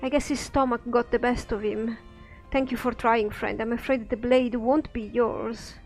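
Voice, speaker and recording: A woman's voice: a little high, steady tone, normal speed, soft background music, natural voice. Richard, a woman reading a polite townsman. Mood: regretful. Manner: read aloud plainly.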